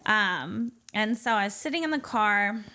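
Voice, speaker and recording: Speaking at a measured pace, this medium-pitched woman sounds expressive, pushed, and bright. As a guest on a podcast, the Portland, Oregon native tells her life story openly and conversationally, peppering it with "um," "you know," and little nervous laughs.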